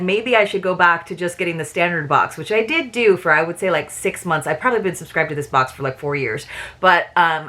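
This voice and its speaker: A woman's voice: fairly low pitch, pushed and bright. A woman in her thirties chatting casually while unboxing a subscription box, rambling and self-deprecating.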